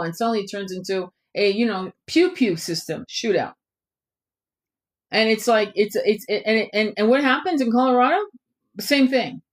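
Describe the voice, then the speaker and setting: A middle-aged woman hosting her own channel, delivering a blunt, profanity-laced rant straight to camera. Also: medium pitch. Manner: blunt, swearing, ranting. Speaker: tarot channel host. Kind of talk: impassioned monologue to camera.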